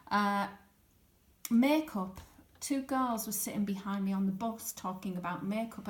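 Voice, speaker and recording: Chatty woman, wry and halting. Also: mid-range voice, darkish tone, echoey room. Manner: chatty and wry, many ums and uhs. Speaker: textile artist explaining her stitched diary. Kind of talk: casual spoken explanation.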